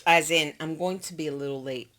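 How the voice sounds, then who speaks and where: Bright-voiced woman co-hosting a podcast. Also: low-pitched, a little fast. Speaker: podcast co-host. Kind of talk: casual chat.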